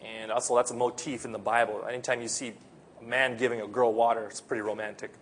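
A man's voice: mid-range voice, level tone, quick pace, a little hiss or hum. A man from the Philippines, preaching a sermon in an earnest, conversational way. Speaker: pastor.

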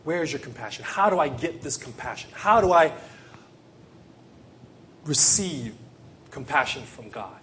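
An impassioned male preacher delivering a sermon in a church, his voice swelling into loud, pleading questions and then sinking low and hushed. He sits at an ordinary middle pitch, with a faint hiss of noise behind him. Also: expressive, normal speed. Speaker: pastor.

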